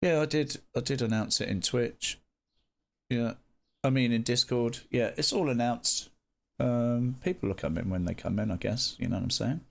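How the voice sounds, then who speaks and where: A man chats with his live-stream viewers, his pitch swinging up and down as he talks. He is playful and animated, slipping into sing-song greetings for the chat. His voice sits in a middle register. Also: moderate pace, vocal fry.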